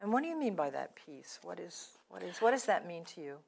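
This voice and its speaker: Female interview host, low gravelly voice, gentle questioning delivery. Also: very animated, fast. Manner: gentle questions with soft affirmations. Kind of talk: casual interview.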